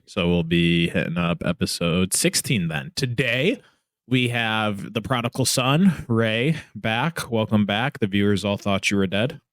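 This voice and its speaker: A man's voice: lowish voice, a little slow, no room sound. A man hosting a casual podcast, trading teasing jokes with his guests. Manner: joking, teasing banter. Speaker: podcast host.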